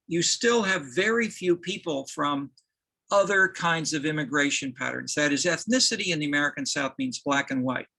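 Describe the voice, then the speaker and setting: Man, university lecturer, gravelly, bright, halting with restarts. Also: on the high side, rough recording. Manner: halting, many restarts and fillers.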